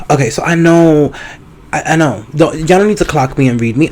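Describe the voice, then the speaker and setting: A loud, campy man hosts his podcast in casual, playful chat. His voice sits a little high for a man. A faint hiss of noise runs underneath. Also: quick pace. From New York. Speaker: podcast host.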